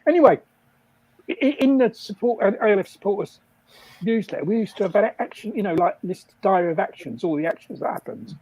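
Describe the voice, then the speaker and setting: A man's voice: high-pitched, lively intonation, a little fast, a little mellow, slightly rough, poor audio. An older man casually telling rambling stories, laughing often at his own jokes. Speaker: guest storyteller.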